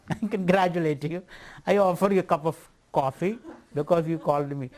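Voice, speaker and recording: Male spiritual teacher at a retreat lecture, bit high voice, laughs a lot, plays devil's advocate. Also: moderate pace, a little mellow. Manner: playful, laughing, voicing a doubter's objections.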